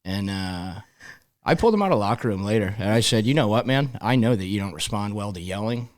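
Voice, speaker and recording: Deep voiced coach guy, middle aged, chatting on a podcast, acts out what people said. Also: fairly quick. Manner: relaxed storyteller who acts out quoted dialogue. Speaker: high school football head coach. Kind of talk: podcast interview, storytelling.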